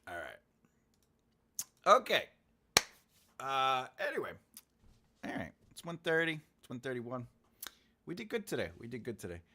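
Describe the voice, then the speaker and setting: A man's voice: mid-range voice, wildly swooping pitch, normal speed, pauses often, sharp tone. A man hosting a writing channel livestream, casually chatting and teasing viewers in a playful, giggly way.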